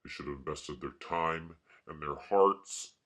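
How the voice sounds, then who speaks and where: A man's voice: rumbling low, a little slow, fairly bright tone. A man vlogging and rambling casually in a wry, mock-grumpy way. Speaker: art vlogger.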